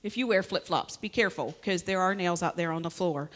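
A woman's voice: lowish voice, fairly quick. Chatty woman making church announcements. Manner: chatty and laughing, with many fillers. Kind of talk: casual announcements from the pulpit. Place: church sanctuary.

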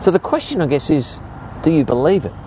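A man in his fifties with an Australian accent preaches a sermon, telling stories to drive home his point. He talks a little fast and animatedly, his pitch rising and dropping, over a slight hiss or hum.

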